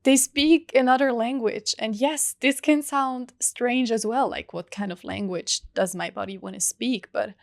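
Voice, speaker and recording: Young female podcast host, earnest and unhurried, dry close sound. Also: fairly high pitch, gravelly, no echo. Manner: soft, earnest, heartfelt, with drawn-out pauses. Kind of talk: reflective solo podcast monologue.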